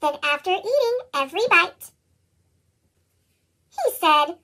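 A storyteller reading a rhyming children's picture book aloud in a sing-song way, through a sped-up chipmunk pitch effect. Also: very animated, measured pace, bright, forceful tone. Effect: chipmunk-style sped-up pitch shift. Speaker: storybook reader.

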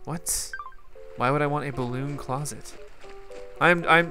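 A gaming YouTuber offers casual, rambling commentary on his gameplay while chatting straight to viewers. He has a mid-range voice and a measured pace with frequent pauses, and music plays in the background.

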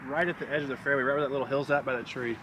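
A man's voice: medium pitch, fairly even intonation, rapid-fire. A man out on a golf course, casually talking through his shots aloud. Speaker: golfer. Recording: distant from the mic, loud outdoor noise.

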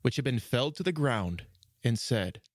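Male narrator, fairy tale reading, lively pitch, dry close recording. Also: moderate pace, dry recording. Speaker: storyteller. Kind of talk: storybook narration.

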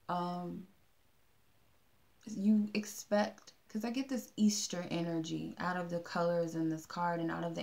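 A woman's voice: fairly low pitch, creaky, darkish tone. A woman giving a casual tarot card reading, talking in a meandering way with many fillers and restarts. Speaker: tarot reader.

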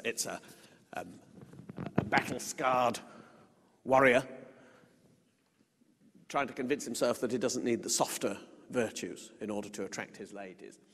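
A middle-aged British man giving a music lecture, explaining and reciting song verses with deliberate emphasis. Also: mid-range voice, slightly rough. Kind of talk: lecture with spoken and sung musical examples. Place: lecture hall. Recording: long hall reverb.

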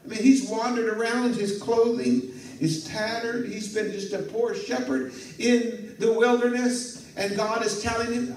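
A male pastor preaching a sermon, telling a story in a lively way, acting out the dialogue and chuckling at his own asides. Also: high voice, measured pace. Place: church sanctuary. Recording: echoey church hall from far off.

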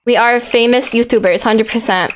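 A woman live-streaming a game, talking in an excited, playful and repetitive way to her chat. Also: on the high side, moderate pace, slight background noise.

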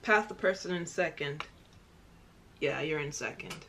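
A woman's voice: low-pitched, lively intonation, measured pace, noisy background. A young woman from the United States hosting a reaction video, chatty and self-mocking, laughing easily. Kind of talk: casual reaction commentary.

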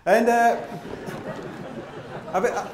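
A man's voice: very high-pitched, steady tone, very slow, reverberant, a crowd in the background, noisy background. Rambling man on stage. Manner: rambling, self-deprecating, many restarts and laughs. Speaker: climber telling stories on stage. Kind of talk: live comedic storytelling talk. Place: theatre stage before an audience.

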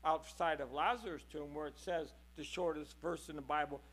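Impassioned, bright-voiced preacher man. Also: fairly high pitch, fairly even intonation, moderate pace. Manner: impassioned, swings between hushed and loud. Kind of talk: sermon. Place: church.

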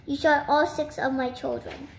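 A woman's voice: sits high, steady tone, normal speed, creaky. Woman reads a cool, dry-mannered giant duck; roomy sound. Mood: stern. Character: calm stern male duck, giant. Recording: roomy with faint noise.

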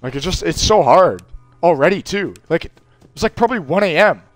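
A young man streaming a horror game, swearing and screaming in panic as he goes hoarse from yelling. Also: on the high side, lively intonation, a little fast, over loud music. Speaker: gaming streamer. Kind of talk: horror game playthrough commentary.

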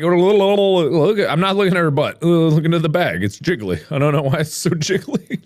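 A man giving let's play commentary, joking around and bursting into shouts while he plays. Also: fairly high pitch, normal speed, few pauses, no room sound, studio quality. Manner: excitable, jokey, prone to shouting outbursts.

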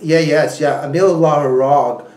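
Male interviewee, animated storyteller, restarts a lot, recorded off-mic in an echoey room. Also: on the high side, moderate pace. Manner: animated, laughing often, many restarts and you-knows. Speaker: ultrarunner guest. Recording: roomy, a bit distant from the mic.

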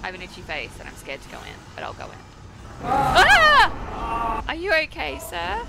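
A woman's voice: medium pitch, wildly swooping pitch, fast, gravelly, very noisy. A young woman streaming a horror game, chatty and self-mocking, who shrieks at every scare. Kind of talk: live gameplay commentary. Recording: game music loud behind the voice.

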